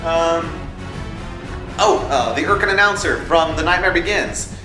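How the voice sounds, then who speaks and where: A young man hosting a casual vlog that calls for voice actors for his fan film, animated and jokey, dropping into put-on voices. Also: fairly high pitch, measured pace. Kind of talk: casual casting-call vlog. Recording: echoey room with music behind.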